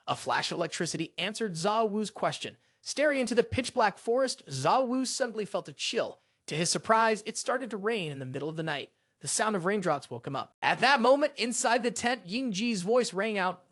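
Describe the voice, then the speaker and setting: A narrator reading a scripted story recap in a brisk, expressive way. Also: mid-range voice, no echo, clean studio sound.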